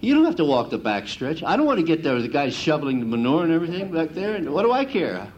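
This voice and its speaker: A middle-aged handicapping instructor gives a folksy lecture to an audience, speaking quickly in a slightly high voice. He's an animated storyteller who mimics the gamblers he describes, and the sound is lo-fi.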